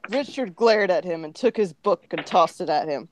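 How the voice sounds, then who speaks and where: A woman's voice: on the low side, expressive, moderate pace, a little hiss or hum. A woman co-hosting a podcast, reading crude fan fiction aloud for laughs and giggling through it. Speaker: podcast co-host.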